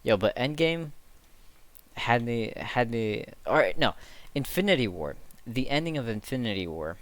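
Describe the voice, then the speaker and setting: A man's voice: lowish voice, a bit bright, smooth. A young man telling stories casually on a late-night stream, rambling, correcting himself and chuckling at himself.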